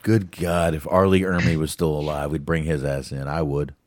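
Male podcast co-host, very deep, dry close sound, blunt, profane. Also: level tone, moderate pace, darkish tone, no room sound. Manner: blunt, swears a lot, laughs often. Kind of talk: profane wrestling podcast chat.

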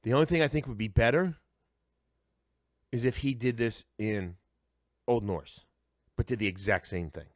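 A man co-hosting a reaction podcast over a headset, excited and rambling with many restarts. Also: mid-range voice, moderate pace, pauses often, dry recording, clean studio sound. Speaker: podcast co-host. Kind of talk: casual reaction chat. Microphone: headset on a remote call.

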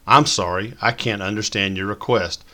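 A man reading a story, voicing a confused phone voice assistant in a flat, polite way. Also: fairly low pitch, normal speed.

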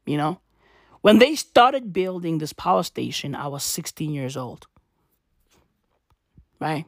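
A woman's voice: low voice, sing-song, slow, dry recording, studio quality. A South African woman in her twenties delivering a profane, exasperated rant to camera, swearing and repeating her questions. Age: 20s. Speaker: vlogger. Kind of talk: profane ranting monologue.

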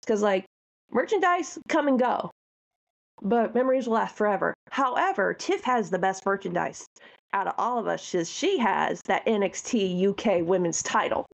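A woman co-hosting a podcast in casual chat, an animated and heartfelt storyteller. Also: mid-range voice, normal speed, vocal fry. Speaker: podcast co-host.

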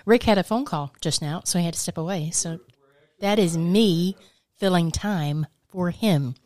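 A woman's voice: fairly low pitch, unhurried, a little mellow, no room sound. A woman co-hosting a weekend radio show, chatting in a friendly way with a few fillers. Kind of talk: casual radio chat. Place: small home studio.

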